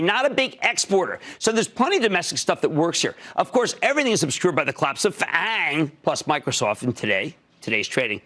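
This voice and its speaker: Male TV market pundit, higher-pitched, very animated, emphatic punches. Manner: emphatic, excitable delivery with sudden loud leaps. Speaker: TV market commentator. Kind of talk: TV financial commentary monologue. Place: TV studio.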